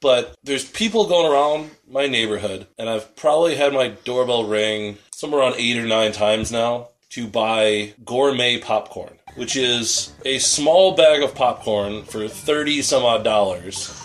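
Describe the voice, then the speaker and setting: A man's voice: medium pitch, unhurried, hardly any pauses. A man co-hosting a comedy podcast, ranting in a casual, exasperated and profane way. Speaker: podcast co-host.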